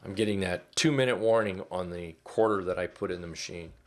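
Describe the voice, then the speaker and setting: A man's voice: low voice, a little fast. A man presenting a live trading webinar, talking casually with fillers and repeating key phrases for emphasis.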